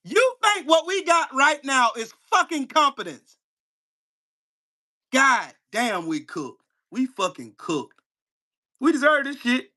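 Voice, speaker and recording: A man hosting his own channel, delivering a heated, profane political rant at a commenter, firing rhetorical questions and bursting into shouts. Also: very high-pitched, sing-song, slow, pauses often. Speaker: channel host. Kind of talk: angry political rant to camera.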